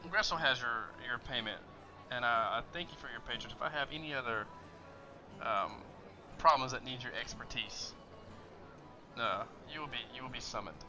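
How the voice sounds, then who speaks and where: A man voicing a calm, amused nobleman who chuckles and talks in an unhurried, soothing way, over online voice chat with music behind. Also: mid-range voice.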